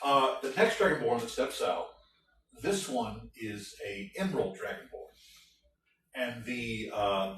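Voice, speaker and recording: A man with a Southern accent narrating as game master, lively and halting, with frequent restarts. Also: medium pitch, a little hiss or hum. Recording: very echoey room, mic far off, music behind.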